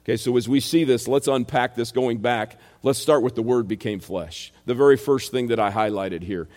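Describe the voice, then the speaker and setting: A man's voice: medium pitch, normal speed, darkish tone. A man with a rural American accent preaching an expository sermon, emphatic and fond of rhetorical questions. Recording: long hall reverb.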